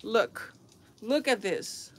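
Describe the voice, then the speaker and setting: A woman's voice: fairly high pitch, lively intonation, drawn-out words, fairly bright tone. A woman vlogging at home with a phone camera, reviewing a handbag in a rambling, exasperated way with frequent sighs. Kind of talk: casual product review vlog.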